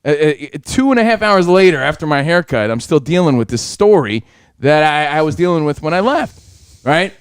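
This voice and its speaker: A man's voice: fairly high pitch, brisk, clean tone, no echo, studio quality. A man co-hosting a radio show, telling a story in casual chat, acting out voices and swearing freely. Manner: animated, acts out quotes, swears a lot.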